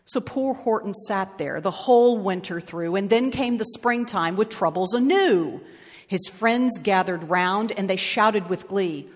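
Woman storyteller, rhyming storybook read-aloud, unhurried, medium pitch, reverberant hall. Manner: measured, expressive read-aloud.

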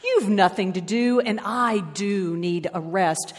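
A woman's voice: medium pitch, slow pace, long reverb tail. A woman voicing a lazy, whiny female bird who coaxes others into doing her work. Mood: coaxing. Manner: complaining, coaxing.

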